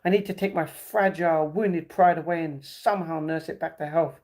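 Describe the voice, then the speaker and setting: A man's voice: a little high, steady tone, normal speed, darkish tone, close to an everyday voice. A man reading as a shy, hurt young woman.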